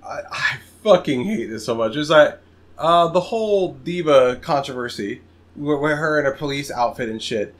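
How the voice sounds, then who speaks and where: Guy with a high animated voice, swears a lot, gaming podcast rant. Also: normal speed. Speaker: podcast host. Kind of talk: casual gaming podcast chat.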